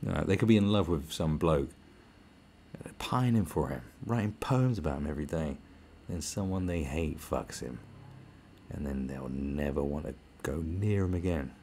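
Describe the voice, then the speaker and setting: A man's voice: a bass voice, animated, moderate pace, warm tone, a little hiss or hum. A British man hosting a podcast, delivering a sarcastic, profane rant. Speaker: podcast host. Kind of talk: podcast monologue.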